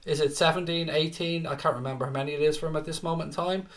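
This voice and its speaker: A man's voice: fairly high pitch, steady tone, fast talker, fairly bright tone. Brash, bantering man on a fan livestream. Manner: brash bantering, swears freely; reads out chat messages and answers them. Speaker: livestream host reading fan comments. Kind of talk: casual live match-reaction stream. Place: home setup with no other audio.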